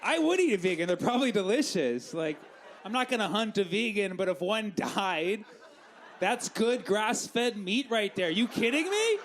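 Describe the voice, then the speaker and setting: Man, stand-up comic, goofy and excitable, high voice, swooping delivery. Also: measured pace, some chatter behind, a little hiss or hum. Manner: goofy, excitable joke telling. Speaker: stand-up comedian. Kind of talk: stand-up set.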